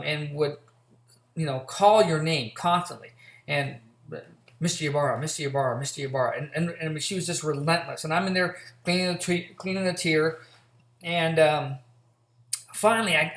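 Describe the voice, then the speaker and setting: A middle-aged man lectures in a relaxed, conversational way, stumbling through fillers and restarts as he tells stories. His voice sits a little high for a man. The room around him rings with a noticeable echo. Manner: casual, storytelling, frequent fillers and restarts. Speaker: college instructor. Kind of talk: recorded lecture with a personal anecdote. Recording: echoey room.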